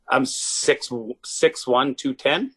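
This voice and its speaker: A man who is a comedian guest telling rowdy stories in casual chat, animated and swearing, often laughing. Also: mid-range voice, slow, husky. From Canada. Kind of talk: casual storytelling.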